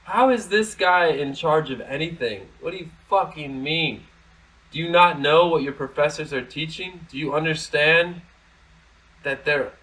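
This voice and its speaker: A man's voice: fairly high pitch, sharp tone, poor audio. A man hosting a casual commentary video, reading out news articles and reacting bluntly and sarcastically, with plenty of swearing. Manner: blunt, sarcastic and profane, with frequent restarts. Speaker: commentary vlog host.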